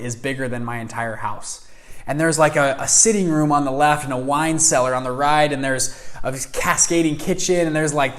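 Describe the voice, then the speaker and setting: A young man recounts a personal story with lively energy, slipping into other people's voices as he quotes them. His pitch sits in an ordinary middle range. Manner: animated, acts out quoted voices. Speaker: fund founder telling his story.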